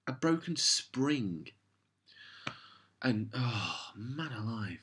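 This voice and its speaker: A man's voice: medium pitch, sing-song, drawn-out words, fairly bright tone, breathy edge. A man delivering a casual, rambling review monologue, sarcastic and exasperated. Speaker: show reviewer.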